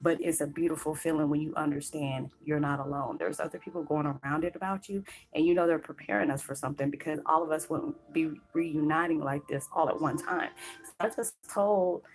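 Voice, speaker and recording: This vlogger has a deep voice with fairly even intonation and speaks briskly, though she sounds choked up and near tears. She rambles earnestly about her spiritual path in a personal talk to camera, filling gaps with many fillers. The recording is rough, with faint music behind her.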